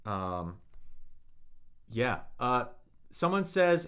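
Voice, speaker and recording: A man's voice: medium pitch, expressive, unhurried, a bit bright. A young man hosting a casual live-stream language lesson, upbeat and encouraging, with many fillers and "right?" tags.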